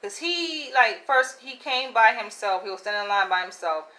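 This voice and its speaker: A woman's voice: mid-range voice, expressive, normal speed, pushed and bright, poor audio. A woman vlogging casually, telling a story candidly with lots of "like" and "right?" asides and frequent laughs.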